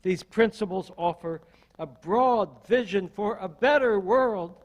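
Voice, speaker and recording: An older man, an associate minister, delivering a sermon in a measured, deliberate way with strings of rhetorical questions. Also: high-pitched, muffled recording.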